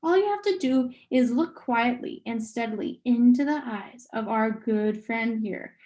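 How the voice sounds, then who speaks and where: A small boy under some other mind's control, bland and reasonable, coaxing slowly in a higher voice, as a woman reads him aloud. He never loses his calm. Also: natural voice.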